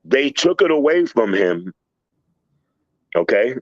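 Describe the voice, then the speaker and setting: A man's voice: mid-range voice, very animated, slow, no echo, lo-fi sound. An older man, a construction contractor, telling a profane story on a podcast with heated, acted-out quotes.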